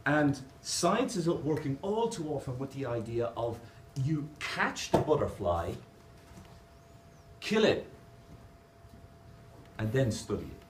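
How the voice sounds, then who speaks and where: A man with an Irish accent speaks slowly in a sing-song, medium-pitched voice, pausing often during a lighthearted, humorous conference talk where he explains his drawings. The noisy, echoey audio comes from a distant camera in a large hall.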